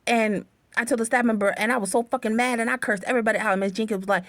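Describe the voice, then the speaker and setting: A woman's voice: a little high, rapid-fire, dry recording. Woman ranting a story into her phone, cussing a lot, very dry close sound. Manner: animated, profane, addresses viewers as honey bunnies. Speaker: livestream host. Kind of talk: casual storytelling to viewers.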